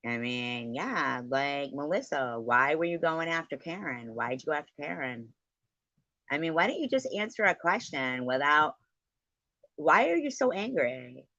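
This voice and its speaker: A woman hosting a live stream, taunting and swearing at a guest, her voice swinging between loud jabs and low mutters. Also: expressive, measured pace, no room sound. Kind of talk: heated live stream argument. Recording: dull lo-fi stream audio.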